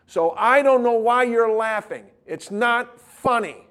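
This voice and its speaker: A man voicing an agitated young former mental patient who shouts out indignantly from the back of a room. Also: extremely high pitch, takes it slowly, voice pushed up, exaggerated voice. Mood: indignant shouting.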